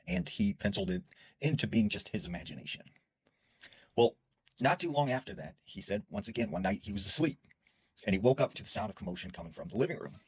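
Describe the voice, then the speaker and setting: Guy with a husky low-ish voice telling a creepy story, chatty, swings his pitch around a lot. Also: lively intonation, quick pace, dry recording, low-quality recording. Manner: chatty, with filler words like "like". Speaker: horror storyteller. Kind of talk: casual spooky storytelling.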